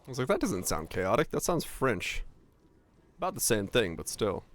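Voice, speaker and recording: A man's voice: lowish voice, big pitch swings, fast talker. A young man streaming a game, chatting casually and swearing freely while he plays. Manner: casual, profane, chatty with chat. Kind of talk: casual gaming stream chat.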